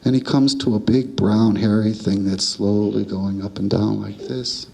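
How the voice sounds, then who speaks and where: Low-voiced male storyteller, calm and measured. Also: gravelly, low-quality recording. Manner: calm, measured, repetitive cadence. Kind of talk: oral storytelling of a traditional tale.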